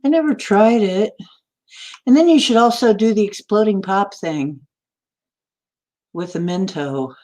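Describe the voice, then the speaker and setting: A woman's voice: mid-range voice, unhurried, pauses often, darkish tone. A woman hosting a casual chat, rambling and giggling between puns and jokes.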